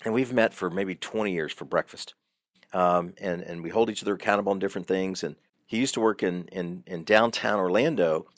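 A man's voice: sits low, no echo, clean studio sound. A middle-aged man talking on a podcast as a guest counselor, telling stories with lots of repeated fillers. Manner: animated storytelling, frequent repeated fillers. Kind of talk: conversational podcast advice.

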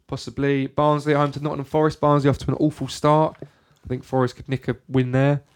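A man's voice: mid-range voice, level tone, brisk, clean tone. A man leading a casual football chat with friends. He talks through the week's fixtures in an easy, matter-of-fact way, giving dry opinions as he goes. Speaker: podcast host.

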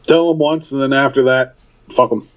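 A man's voice: medium pitch, fairly even intonation, normal speed. Wisecracking man, dull lo-fi sound. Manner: wisecracking, sarcastic asides. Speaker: podcast co-host. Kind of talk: casual chat.

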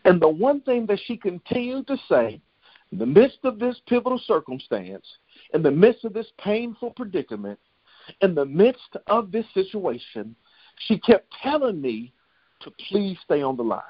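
A man's voice: sits high, big pitch swings, moderate pace, husky, no room sound, dull audio. A man preaching on a prayer line, telling a story and building in rhythmic, repetitive cadences. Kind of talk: sermon with storytelling.

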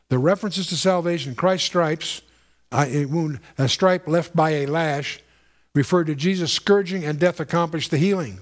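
A man giving a verse-by-verse sermon, explaining the text earnestly, with rhetorical questions and frequent restarts. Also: fairly high pitch. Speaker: Bible teacher.

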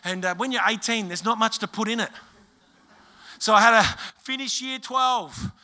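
Bright-voiced Australian male pastor, animated. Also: high voice, normal speed. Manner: animated storytelling, emphatic, with many restarts. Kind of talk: sermon with personal story.

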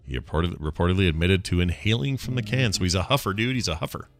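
A man's voice: lively intonation, fast, soft background music. A man co-hosting a podcast, chatting casually and jokingly, sometimes slipping into silly voices. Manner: jokey, breaks into silly high put-on voices. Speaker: podcast co-host. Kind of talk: casual comedic chat.

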